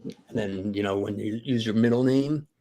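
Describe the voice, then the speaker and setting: Man, gravelly voice, casual chat, joking storyteller, talk show co-host. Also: lowish voice, normal speed, dark tone. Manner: joking, rambling anecdotes with quoted voices. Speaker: podcast co-host.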